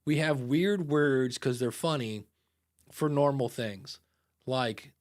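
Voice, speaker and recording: A man from the United States co-hosting a podcast in casual chat, animated and jokey, rambling with fillers. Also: medium pitch, slow pace. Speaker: podcast host.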